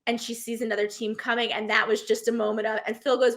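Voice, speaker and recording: A woman's voice: fairly high pitch, little pitch movement, fast talker, vocal fry. A woman guest on a podcast, telling stories fluently and confidently in casual conversation. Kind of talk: casual chat.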